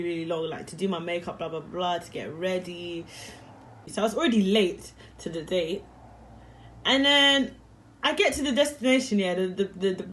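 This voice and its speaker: Chatty young woman. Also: medium pitch. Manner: rambling, slangy, chatty, quick to laugh. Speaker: vlogger. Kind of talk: casual storytelling to camera.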